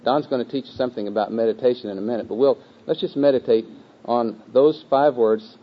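A man leads a room through memorizing a scripture verse, patient and unhurried. He repeats each phrase slowly, with a few relaxed fillers along the way. The recording sounds dull and lo-fi, and his voice sits at an ordinary middle pitch for a man. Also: a little hiss or hum. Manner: patient, repetitive, slow chanting of phrases with a group. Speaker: teacher leading scripture memorization. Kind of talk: group teaching session. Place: room with a live group.

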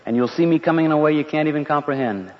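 A man voicing a calm male teacher who answers his accusers evenly, in a dull recording with a long reverb. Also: a little high, very fast, pitched above the performer's own voice, lightly acted. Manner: even, composed.

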